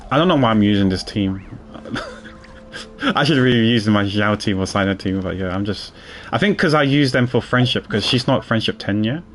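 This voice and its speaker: Male streamer, low voice, rambling casual commentary over gameplay. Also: animated, moderate pace, fairly bright tone, slight background noise. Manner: rambling, repeats words, chuckles often.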